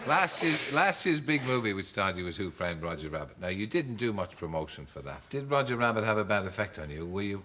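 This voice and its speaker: A man's voice: on the low side, big pitch swings, fairly quick, few pauses, bright, forceful tone. A man hosting a television talk show, asking teasing questions of his guest. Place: television studio.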